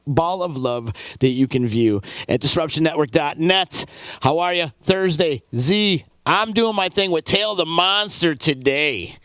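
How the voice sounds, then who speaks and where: A man from upstate New York hosts a local radio show in a studio, his voice a little high and a bit bright, clean and free of room sound, captured on a studio microphone at a moderate pace. He's upbeat, chatty and playful, hyping sponsor spots and bantering with guests.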